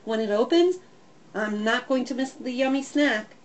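Woman reading a lively children's story. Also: on the high side, normal speed, a little hiss or hum, low-quality recording. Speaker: audiobook narrator.

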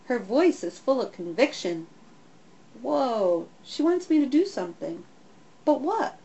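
A woman narrating a first-person children's story in a lively, expressive way. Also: sits high, a little slow, vocal fry, low-quality recording. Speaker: audiobook narrator.

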